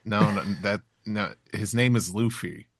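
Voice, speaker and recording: A man co-hosting a podcast, recapping a comic chapter in halting casual chat full of fillers. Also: fairly low pitch, no echo, clean studio sound. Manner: halting, with many fillers and restarts. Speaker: podcast co-host.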